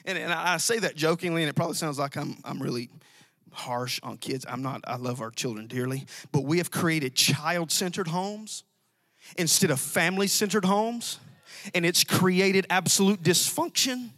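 A man preaching a sermon to a congregation, emphatic and repetitive, with sudden loud outbursts. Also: on the high side, normal speed. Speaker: pastor. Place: church sanctuary. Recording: dry sound with long hall reverb.

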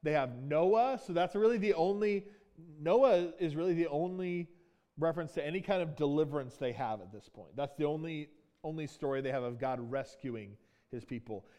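A man's voice: a little high, moderate pace, warm tone. A man preaching a sermon as pastor, teaching in a conversational way, often asking "right?" and acting out quoted lines.

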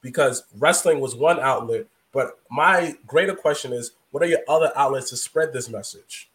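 A man with a voice of ordinary pitch hosts a casual podcast. He asks long, rambling questions and wanders through his thoughts before he gets to the point. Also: normal speed, fairly bright tone. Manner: meandering, long-winded questions.

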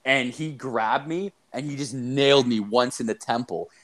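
A man's voice: mid-range voice, moderate pace. Profane rambling young man telling stories. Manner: profane, rambling, animated storytelling with many fillers. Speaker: storyteller in a casual chat. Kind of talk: casual chat.

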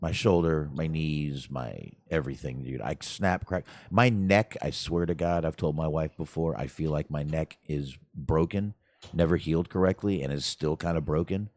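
A man's voice: rumbling low, moderate pace, darkish tone, no echo. A man co-hosting a podcast in casual chat, rambling and making self-deprecating, salty jokes. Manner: salty, profane humor. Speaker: podcast co-host.

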